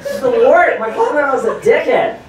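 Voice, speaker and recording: A man performing a stand-up comedy set on a club stage, animated and profane, shouting his punchlines. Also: very high-pitched, a little fast, a crowd in the background. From United States. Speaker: stand-up comedian hosting a show. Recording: very echoey club audio, from far off.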